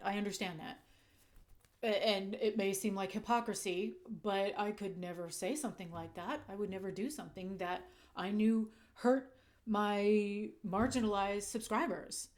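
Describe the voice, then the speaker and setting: Woman vlogger, mid pitch, frank casual commentary, punchy and a bit profane. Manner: candid, emphatic, swears when heated. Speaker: channel host. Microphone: desk microphone.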